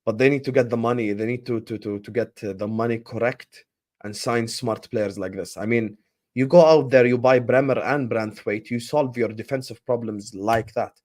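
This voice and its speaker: A young man hosting a football transfer stream in casual live chat, animated and slangy, and he repeats his points. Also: mid-range voice, moderate pace.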